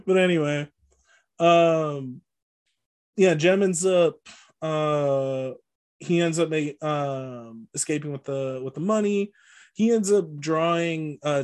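A man's voice: on the high side, a little mellow. A man co-hosting a podcast, casually recapping a movie plot with lots of fillers and frequent laughs. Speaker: podcast co-host.

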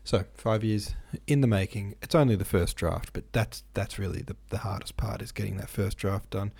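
A man hosts his own podcast in a loose, meandering chat, stopping and restarting his sentences often. His voice sits fairly low with a gravelly edge. The tone is husky and mellow. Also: fairly even intonation, moderate pace. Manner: rambling and hesitant, many fillers and restarts. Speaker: podcast host and novelist. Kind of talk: casual solo podcast chat.

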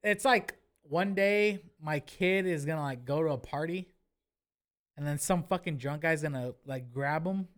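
A man's voice: on the high side, measured pace, fairly bright tone. A man rambling animatedly, swearing through memories in a casual drinking podcast chat. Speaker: podcast guest.

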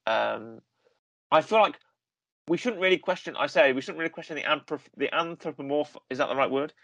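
A man's voice: on the high side, a little fast, gravelly, a bit bright, dry recording, dull audio. A man co-hosting a casual film podcast, rambling with frequent ums and restarts. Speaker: podcast co-host.

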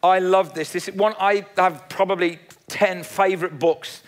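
A man's voice: sits high, steady tone, moderate pace. A man preaching a sermon in an earnest, emphatic style, often repeating key phrases. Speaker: pastor.

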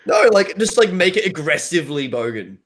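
A man's voice: fairly high pitch, very animated, brisk, a bit bright. A man hosting a podcast in casual chat, playful and laughing often. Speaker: podcast host.

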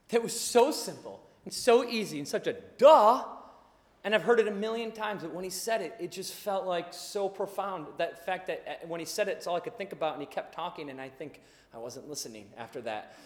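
A higher-pitched male pastor preaching in a hall, his voice trailing off into a long reverb. He tells his story with animated energy, jumping into the voices of the people in it. He drops low and quiet for the serious points. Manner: animated storytelling, acts out dialogue, laughs along. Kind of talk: sermon with storytelling.

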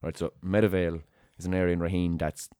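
A young man, hosting a podcast and telling an animated story in casual chat. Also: sits low, fast, clean tone, no room sound. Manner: animated anecdote-telling with acted-out quotes and laughter. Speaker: podcast host.

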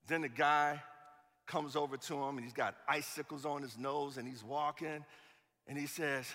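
A man from Chicago preaching a sermon, telling jokes in an animated, playful way. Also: a little high, normal speed, long reverb tail. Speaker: pastor.

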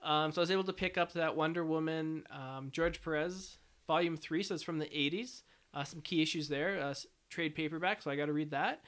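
A man co-hosting a podcast, joking around in a relaxed, chatty way. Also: on the high side, brisk. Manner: joking, relaxed, lots of fillers like "like" and "uh". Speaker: podcast co-host. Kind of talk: casual chat.

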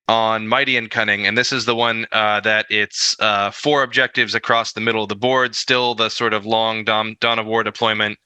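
A man's voice: fairly low pitch, pushed and bright, clear, resonant tone, dry recording. A man co-hosting a casual podcast about tabletop gaming, rambling with lots of fillers and self-deprecating chuckles. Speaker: podcast co-host.

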